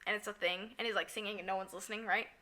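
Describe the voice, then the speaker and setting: A woman co-hosting a podcast in casual chat, recapping a musical with lots of giggling and quick acted-out lines. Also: medium pitch. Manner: giggly, animated, acts out characters in quick asides. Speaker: podcast co-host.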